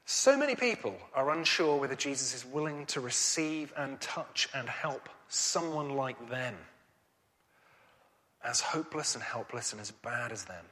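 Earnest preacher in a reverberant hall. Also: male voice, fairly high pitch, expressive, unhurried, sharp tone. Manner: earnest, rising to emphatic questions. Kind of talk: sermon.

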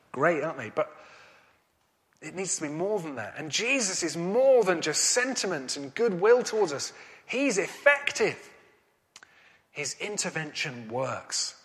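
A man's voice: fairly high pitch, a bit bright, in a large hall. A man preaching a sermon, earnest and rising to emphatic questions.

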